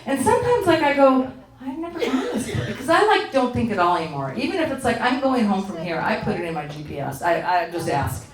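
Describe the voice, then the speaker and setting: Middle-aged woman comic, animated, swearing, exasperated; distant, echoey live recording. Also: medium pitch, a little fast, hardly any pauses, crowd noise. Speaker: stand-up comedian. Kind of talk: stand-up routine. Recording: roomy, from far off.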